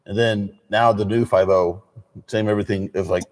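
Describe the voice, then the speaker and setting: A man co-hosting a live stream, reminiscing about old cars in a relaxed, casual way. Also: lowish voice, moderate pace, big-room sound, poor audio. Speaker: livestream co-host. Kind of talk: casual car chat.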